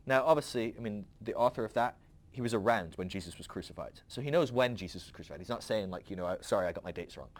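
A man's voice: fairly low pitch, quick pace. A man hosting a podcast, talking through a rambling, conversational philosophical monologue with frequent asides to the listener. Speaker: podcast host.

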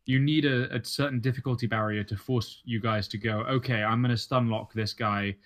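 A man in his late twenties chats as a podcast co-host, laid-back and wry, filling his sentences with "like" and "you know". His voice sits at an ordinary middle pitch for a man. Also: fairly even intonation, a little fast, a bit bright. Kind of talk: casual chat.

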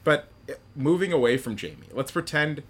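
A man's voice: a little high, moderate pace, fairly bright tone, breathy edge. A young man in casual chat about a film, rambling with many fillers and acting out quotes. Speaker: podcast co-host discussing a film.

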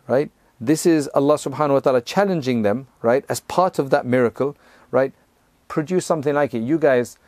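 A man with a medium-pitched, slightly mellow voice, recorded with no room sound, teaches Islam in a conversational lesson. He explains things step by step, keeps checking in with "right?" and "you know", and sometimes chants verses in Arabic.

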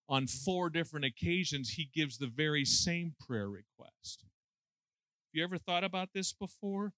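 Bright-voiced folksy preacher in his sixties. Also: on the high side, dry recording. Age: 60s. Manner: folksy, self-deprecating humor, frequent fillers. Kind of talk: conversational sermon.

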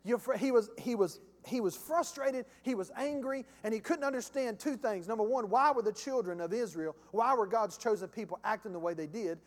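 A man's voice: sits high, fairly quick, few pauses. A man preaching a sermon as pastor, impassioned and calling out to his congregation. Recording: long hall reverb.

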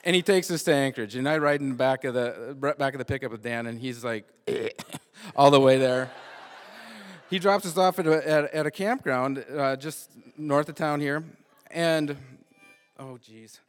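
A man telling a personal road-trip story live, animated and often repeating or restarting his words. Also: mid-range voice, moderate pace. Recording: long hall reverb.

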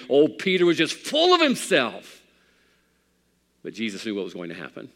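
A man preaching a sermon as pastor, swinging from hushed, quiet passages to loud, fervent outbursts. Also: medium pitch, wildly swooping pitch, moderate pace, long pauses. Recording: long hall reverb.

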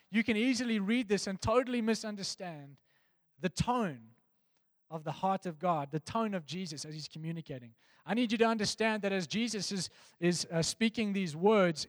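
Earnest high-voiced male preacher. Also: no room sound, in a large hall. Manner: earnest, pausing, drops soft and low on key phrases. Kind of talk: devotional sermon with scripture reading.

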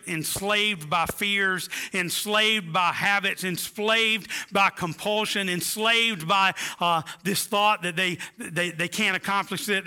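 A man's voice: sits high, sharp tone, clear, resonant tone. A man preaching a sermon with impassioned delivery, rising to emphatic peaks. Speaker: pastor.

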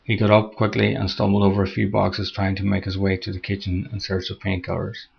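A man narrating a scripted horror story in a steady, measured reading, on a dull lo-fi recording. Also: sits low, creaky, breathy edge.

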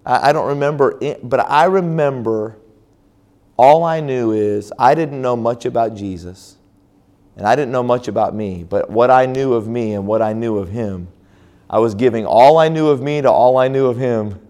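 Male pastor, sermon testimony, mid-pitched voice, restarts and fillers, church conference hall. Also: moderate pace, a little mellow. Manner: storytelling with frequent restarts and fillers.

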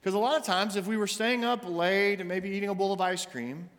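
A middle-aged minister preaches in a bright, high voice, driving his points home with short, punchy, repeated lines. His sermon rings out with a long reverb through a church sanctuary. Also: brisk. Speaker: senior minister.

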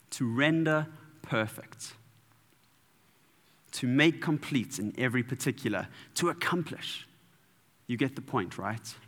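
A male preacher delivers a lively sermon with a bright, forceful voice that swings widely in pitch. He is playful and animated, and the long reverb of a large hall trails after his words. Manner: playful, animated, with sound effects.

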